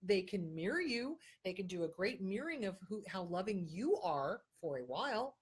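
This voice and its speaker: A woman's voice: medium pitch, sing-song, moderate pace, breathy edge. Blunt, emphatic woman host. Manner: blunt and emphatic, repeats key points. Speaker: host answering viewer questions. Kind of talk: casual advice talk.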